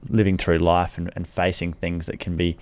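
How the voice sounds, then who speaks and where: A man hosting a podcast, asking questions and reflecting in a measured, supportive way. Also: low voice, monotone, a little mellow, no room sound. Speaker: podcast host. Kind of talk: reflective interview chat.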